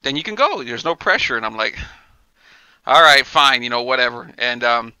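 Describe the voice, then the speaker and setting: A male podcast co-host with a medium-pitched, clear and resonant voice speaks at a moderate pace. He casually relates a long, profanity-laced tale, animatedly performing the characters' dialogue. The recording is dry and of low quality.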